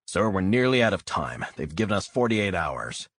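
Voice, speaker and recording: A blunt, hot-headed male operative, voiced by a male narrator, forceful and profane in a low, husky voice. The reading is dry and close. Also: very animated, normal speed, dry recording, exaggerated voice.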